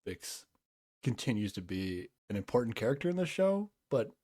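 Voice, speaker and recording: A man's voice: medium pitch, very animated, normal speed, dark tone. A man co-hosting a podcast in casual chat, hedging often and sounding unsure of himself. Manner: hedging and unsure, many "I don't know"s. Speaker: podcast co-host.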